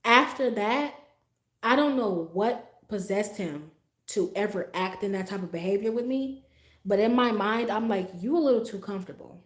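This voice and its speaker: A woman hosting a livestream, telling a story in a casual, profane, animated way, with frequent asides to her viewers. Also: mid-range voice, a little slow. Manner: animated, profane, acts out her own reactions. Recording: roomy echo.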